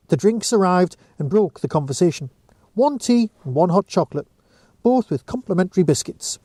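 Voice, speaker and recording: A man reads a short story aloud at a steady storytelling pace. His voice is high for a man and mellow in tone. The recording is dry and close. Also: normal speed, no echo. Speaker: narrator.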